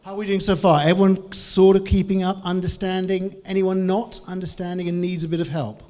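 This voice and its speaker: A man with a New Zealand accent giving a lively, joking conference talk on English and asking the audience questions. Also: high-pitched, fairly quick. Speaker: language trainer. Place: conference hall.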